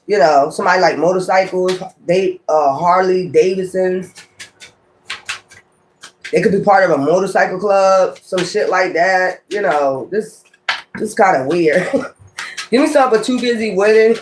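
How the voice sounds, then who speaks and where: A man's voice: sits high, a little hiss or hum. A man doing a casual tarot reading, talking straight to his viewers, cursing often and laughing between cards. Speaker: tarot reader.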